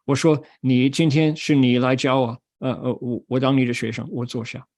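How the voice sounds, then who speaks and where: A man's voice: medium pitch, level tone, moderate pace, darkish tone. An older man giving a Buddhist Dharma talk, telling a story and acting out the people in it. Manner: switches between Mandarin and English, acts out quoted voices.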